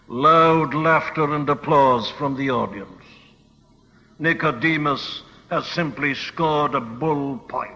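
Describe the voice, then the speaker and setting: A man's voice: mid-range voice, takes it slowly, bright, forceful tone. A man preaching a sermon, telling the story vividly and with emphasis. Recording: old dull recording in a reverberant hall.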